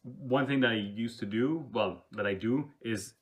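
A man who runs tabletop games, talking casually in a halting way with restarts and soft laughs. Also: mid-range voice. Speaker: game master. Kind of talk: casual podcast chat.

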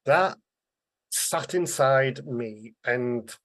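An earnest man tells his life story in a candid, conversational way. His voice sits in a middle pitch, and he acts out the people he quotes with bright, lively voices. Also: extremely slow, a little hiss or hum. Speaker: interview guest, author.

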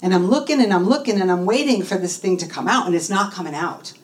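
A woman's voice: fairly low pitch, fast. A middle-aged woman telling a personal story in an interview, acting out the people in it with feeling. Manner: animated, acts out the voices in her story. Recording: voice a bit distant from the mic.

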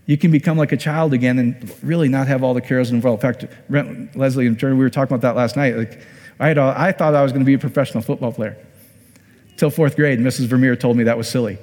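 A man's voice: mid-range voice, steady tone, quick pace, darkish tone. A man from Iowa preaching a conversational sermon as a pastor. He often repeats words and asks the audience questions. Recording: long hall reverb.

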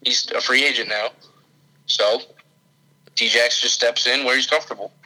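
A young man co-hosting a sports podcast, excitable and emphatic, often throwing in "dude" and "man". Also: medium pitch, moderate pace, poor audio. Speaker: podcast co-host. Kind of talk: casual sports chat.

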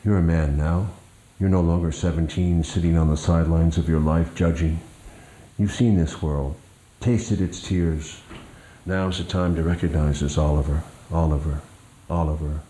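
An older man voicing a gentle dead older French woman, speaking softly and tenderly. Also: very deep voice, fairly even intonation, normal speed, echoey room. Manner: soft, tender, consoling.

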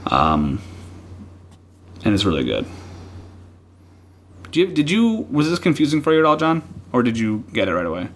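A man co-hosting a casual podcast about comics, talking in an excited, rambling way with frequent laughs and restarts. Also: mid-range voice, normal speed, long pauses. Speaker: podcast co-host.

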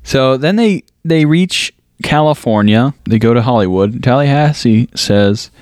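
A man's voice: mid-range voice, animated, a little slow, a little mellow, no room sound, clean studio sound. A man co-hosting a casual movie podcast, recapping plot in a rambling way full of fillers and laughs. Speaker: podcast co-host. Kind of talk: casual movie review chat.

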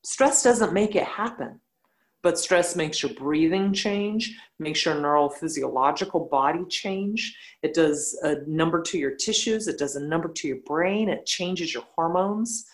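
A woman, a yoga teacher, speaking bluntly and telling animated stories in a casual podcast conversation. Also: on the low side, measured pace, rough recording.

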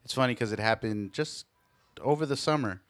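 A man's voice: medium pitch, fairly quick, no echo. A man in casual chat, swearing freely as he retells a run-in and acts out both sides of the dialogue. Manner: profane, animated retelling with quoted dialogue.

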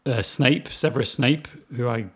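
A man's voice: medium pitch, moderate pace, slightly rough. A British man chatting about films as a podcast co-host, enthusiastic and rambling. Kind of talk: casual film review chat.

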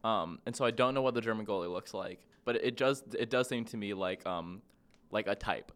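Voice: medium pitch, fairly quick. A podcast guest in casual chat, chiming in with dry, teasing remarks.

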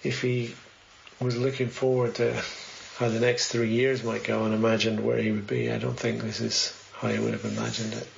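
A man's voice: medium pitch, completely flat delivery, normal speed, vocal fry. Guy preaching casually, lots of questions, dull lo-fi sound with a bit of background hiss. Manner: conversational, earnest, poses many questions. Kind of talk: sermon, Bible reading and reflection. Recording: slightly dull, faint background noise.

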